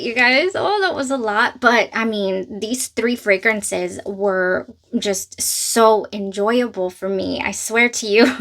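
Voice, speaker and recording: Gushing excitable woman reviewing perfumes. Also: on the high side. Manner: gushing, excitable, many fillers. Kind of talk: casual unboxing chat to camera. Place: closet at home.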